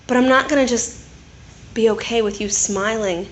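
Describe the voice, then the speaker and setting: A woman preaching who voices Jesus as a gentle man offering comfort, speaking calmly and tenderly. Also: a little high, moderate pace, natural voice. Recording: echoey room, faint noise.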